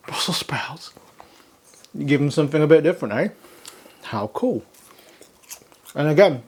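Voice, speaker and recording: A man's voice: a little high, darkish tone. A man hosting a casual cooking demonstration in a kitchen, chatty and upbeat, with easy laughter. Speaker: cooking show host.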